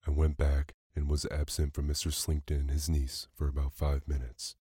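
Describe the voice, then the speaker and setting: A man narrates a classic story for listeners dozing off, keeping a calm, even pace. His voice is extremely deep and mellow, with almost no melody. The recording is close and dry. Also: moderate pace, breathy edge, no room sound. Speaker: podcast narrator. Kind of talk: bedtime story reading.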